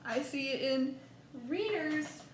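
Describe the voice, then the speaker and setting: A woman with a Southern US accent teaching a first grade lesson, slow and coaxing, stretching words out for young children. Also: high voice, lively intonation. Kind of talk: recorded distance-learning lesson for young children. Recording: echoey room, faint background noise.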